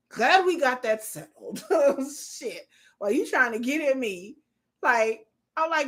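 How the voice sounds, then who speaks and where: A woman, probably in her thirties, hosting a casual live stream and telling sassy, animated stories with bursts of laughter. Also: high-pitched, a little slow, long pauses. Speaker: livestream host.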